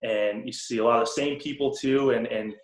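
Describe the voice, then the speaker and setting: Young man, boston accent, relaxed rambling, ums, echoey room. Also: mid-range voice, fairly quick. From Boston area. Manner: relaxed, many ums and restarts, laughs easily. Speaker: podcast guest, pro hockey player. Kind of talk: casual interview chat. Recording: roomy echo.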